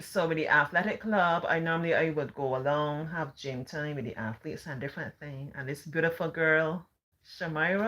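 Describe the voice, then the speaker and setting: A middle-aged Barbadian woman chats on her livestream, answering viewers' comments as she goes. Her voice sits low but has a bright, forceful edge. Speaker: livestream host. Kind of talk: casual livestream chat.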